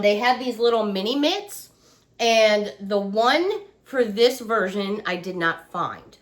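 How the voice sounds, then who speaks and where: A woman's voice: mid-range voice, a bit bright. Chatty woman on her couch showing off a haul, still a bit under the weather, keeps going oh my gosh. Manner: chatty, gushing exclamations. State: recovering from feeling under the weather. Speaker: shopping haul vlogger. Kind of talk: casual chat. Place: living room couch at home.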